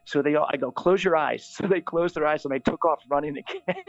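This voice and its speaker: A middle-aged priest telling a funny story in conversation, animated and laughing often. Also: male voice, on the high side, no echo. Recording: dull, dry lo-fi sound.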